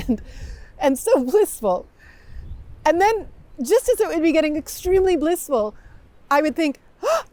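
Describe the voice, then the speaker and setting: Higher-voiced woman telling a reflective personal story. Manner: reflective, with frequent soft laughs. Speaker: spiritual teacher.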